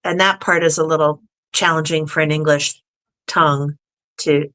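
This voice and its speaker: This woman from the United States has a deep voice with a steady, sharp tone and a moderate pace. As a podcast guest in casual conversation, she's chatty and acts out the people in her stories.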